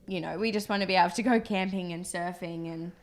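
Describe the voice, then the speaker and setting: A fast-talking young woman with a fairly low voice co-hosts a podcast and co-founded a business. She chats loosely with her partner about business, rambling as she goes.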